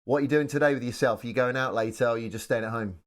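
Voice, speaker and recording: A man's voice: mid-range voice, racing. Chatty British man hosting a podcast. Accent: British English. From United Kingdom. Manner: chatty, jokey, says "mate" a lot. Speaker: podcast host. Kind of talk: casual comedy podcast chat and storytelling.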